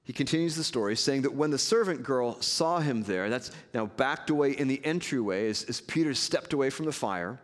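Male pastor, earnest sermon delivery, mid-pitched voice, long hall echo. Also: expressive. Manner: earnest, measured preaching with conversational asides.

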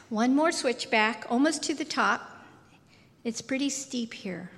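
A woman preaching a sermon in a slow, deliberate, softly intimate way. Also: on the high side, animated. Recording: reverberant hall.

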